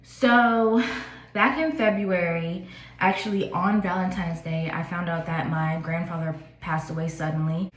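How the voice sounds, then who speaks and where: A woman's voice: on the low side, fairly even intonation, a little slow. A woman in her twenties telling a personal story in a casual, chatty vlog, with lots of "like" and fillers. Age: 20s. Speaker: vlogger. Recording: echoey room.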